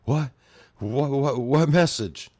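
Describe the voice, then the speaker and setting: A man's voice: medium pitch, unhurried, warm tone, dry recording, studio quality, voice pushed up, lightly acted. A man voicing a frightened thug who stammers and whines in a raised voice. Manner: stammering, whiny. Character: cowering, stammering male castle thug.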